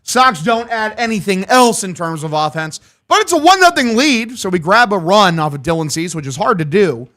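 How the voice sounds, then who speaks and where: A young man streaming a game watch-along, calling the plays and excitedly thanking his chat, swearing freely. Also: high-pitched, brisk, few pauses. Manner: hyped, profane, thanking chat. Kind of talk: live watch-along play-by-play.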